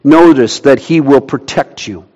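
A man preaching an earnest sermon, slowing down to read scripture aloud. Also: medium pitch, a little mellow. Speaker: pastor. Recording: long reverb of a church hall.

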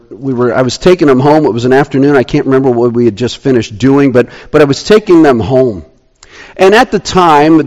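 A man tells a story from his own life as part of a sermon. He talks at a middle pitch, building the tale with animated swings between excited rises and quiet, hushed drops.

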